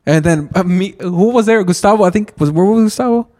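A man's voice: high-pitched, a little fast, mellow. A young man from Texas telling a rambling, restart-filled story in casual podcast chat, peppering it with "dude". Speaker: podcast co-host.

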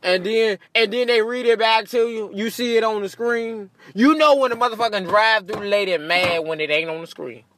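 A man with a notably high voice and a bright, sharp edge rants in a comic monologue. He speaks, cussing freely and laughing at his own jokes. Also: moderate pace, few pauses. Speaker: comedian. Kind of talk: stand-up style comedic rant.

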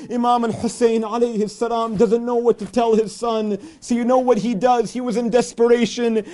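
A man preaching an emotional religious narration, rising to anguished cries and shouts. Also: extremely high pitch. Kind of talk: emotional religious recitation sermon.

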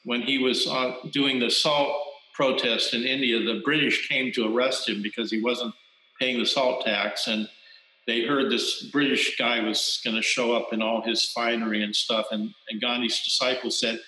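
A male Zen teacher gives a reflective dharma talk, often pausing and restarting his phrases. His voice is bright and slightly tense. The recording carries the echo of a roomy hall. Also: mid-range voice, steady tone. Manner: reflective, halting, many restarts and fillers.

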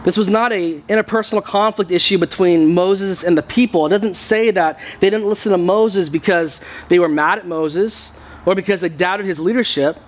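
A man's voice: high-pitched, normal speed. A man preaching a sermon to his church in a conversational way, often repeating words as he goes. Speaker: pastor. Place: church sanctuary.

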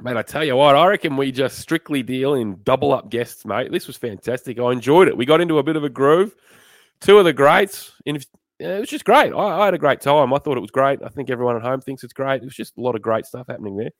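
A man's voice: medium pitch, quick pace, no echo. Laid-back man bantering on a podcast. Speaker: podcast co-host. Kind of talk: casual chat.

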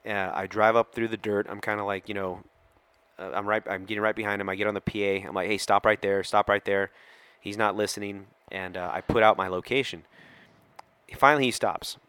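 A man's voice: on the low side, brisk, smooth, dry recording. A middle-aged man, a police officer, telling a story on a podcast and acting out the quoted lines. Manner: animated storyteller who acts out quoted lines.

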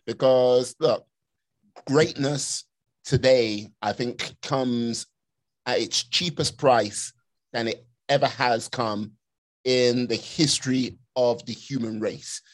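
A man's voice: mid-range voice, slow pace. A man hosting a podcast, talking casually and rambling with lots of fillers about discipline.

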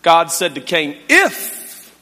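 A man preaching a sermon in a church, animated and self-mocking, with quick asides. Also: high-pitched. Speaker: pastor. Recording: echoey church hall.

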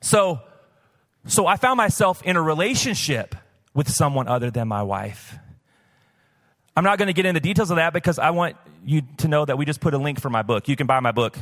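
A man's voice: fairly high pitch, expressive, fairly quick, fairly bright tone. A man pastor preaching a sermon at a live church service, talking candidly and conversationally with casual asides. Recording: long church hall reverb.

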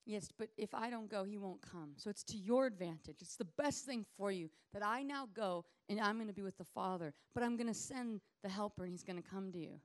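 A woman's voice: mid-range voice, fairly quick, few pauses, no room sound, lightly acted. Brief: easygoing, reassuring Jesus, played by a woman, casual and matter-of-fact. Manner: relaxed, friendly, matter-of-fact. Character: warm, calm Jesus, a grown man, reassuring.

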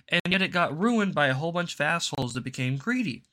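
A young male host rants about politics in a bright, forceful voice that sits fairly high. He swears freely and swings between grumbling and sudden shouted outbursts. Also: expressive, fast, few pauses. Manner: angry, profane ranting with sudden loud outbursts. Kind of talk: political commentary.

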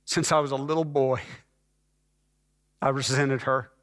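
A man preaching a personal testimony as a sermon, telling his story with hushed moments that build to loud, emphatic passages. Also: mid-range voice, flat delivery, unhurried. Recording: long hall reverb.

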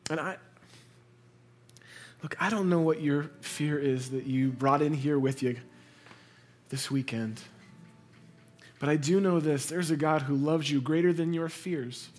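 A man in his thirties preaching a sermon as a pastor, earnest, mixing personal stories with building emphasis and quiet, low endings. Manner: earnest, builds to intense emphasis then drops soft and low; conversational storytelling with quick asides.

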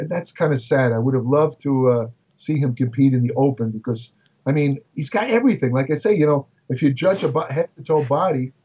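An older Brooklyn man who writes about bodybuilding tells anecdotes in a chatty style, repeating words and filling his speech with fillers and restarts. His voice sits on the high side, warm and slightly rough. The mic is distant and the audio sounds dull.

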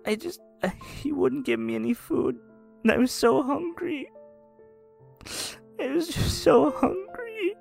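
A scared little boy, starved and sick, pleads in a high, thin, weepy voice that wobbles between sobs, as a man puts him on. Soft music plays faintly underneath the table talk. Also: slow pace, creaky. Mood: scared, crying. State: crying.

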